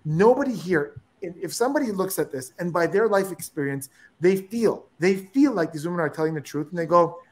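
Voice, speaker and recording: A man's voice: high-pitched, expressive, fairly quick, hardly any pauses. A man guest on a casual livestream, speaking earnestly and emphatically, repeating words as he pushes a point.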